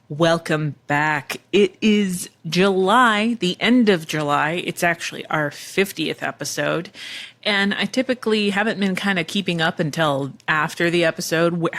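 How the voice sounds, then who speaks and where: Rambling chatty podcast hostess. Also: female voice, low voice. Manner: rambling and self-deprecating, with many fillers and laughs. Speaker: podcast host. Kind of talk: casual chat.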